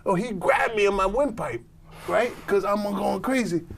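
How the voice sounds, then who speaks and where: Animated middle-aged man telling a story. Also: high voice, normal speed, gravelly, slight background noise. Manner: animated storyteller, acts out quoted voices. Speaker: interview guest. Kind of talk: casual interview storytelling.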